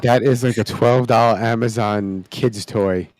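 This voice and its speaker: A male podcast co-host in relaxed conversation with a mid-pitched voice. He talks in an easygoing way, often stopping and restarting his sentences. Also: a little slow, no echo. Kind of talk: casual chat.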